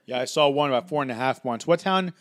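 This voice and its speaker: A man co-hosts a casual livestream and chimes in now and then. His voice is smooth and resonant at a middle pitch. He keeps his remarks short and matter-of-fact. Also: animated, fast. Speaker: livestream co-host.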